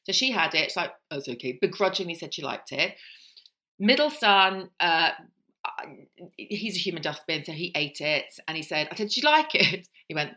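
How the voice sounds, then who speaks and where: A middle-aged woman co-hosting a podcast, telling stories in a chatty, animated way. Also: lowish voice, moderate pace. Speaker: podcast co-host. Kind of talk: casual chat.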